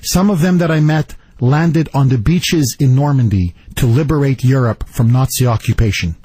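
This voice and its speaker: A man hosts a political talk radio show, delivering a combative, sarcastic rant into a studio microphone. His mid-range voice moves at a moderate pace, warm in tone with a breathy edge.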